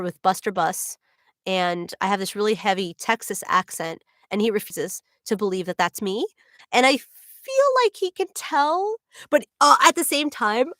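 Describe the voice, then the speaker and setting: A woman's voice: medium pitch, fairly bright tone, no room sound, studio quality. A woman voice actor chatting casually on a livestream, laughing often and filling her talk with "like". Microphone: own microphone.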